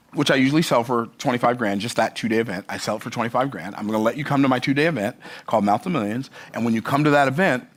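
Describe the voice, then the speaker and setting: A man who is a business coach, telling a story in a motivational speech and acting out the other people in it. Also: mid-range voice. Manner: animated, acts out the other people in his story.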